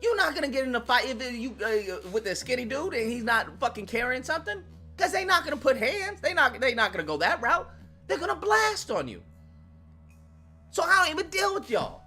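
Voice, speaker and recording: Man, commentary rant, very lively pitch, sharp bright voice, repeats himself for emphasis, swears a lot. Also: fairly quick. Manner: emphatic, repeats lines for effect, profane. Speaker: commentary channel host.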